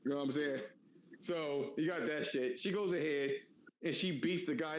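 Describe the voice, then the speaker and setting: Man, slightly high voice, slangy podcast chat, animated, lots of fillers. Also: normal speed, a little hiss or hum, rough recording. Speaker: podcast co-host. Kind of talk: casual chat.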